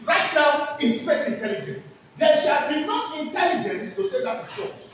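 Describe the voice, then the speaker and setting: High, lively woman lecturing a class. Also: normal speed, slight background noise. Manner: asks the class rhetorical questions and answers them herself. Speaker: teacher. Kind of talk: classroom lecture with call-and-response questions. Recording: echoey room, voice from far off.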